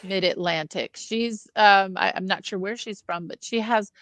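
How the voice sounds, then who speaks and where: A woman's voice: mid-range voice, moderate pace, a bit bright, no echo. An American woman chatting casually about a film, hesitant with many ums and restarts. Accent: General American. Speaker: film review panelist.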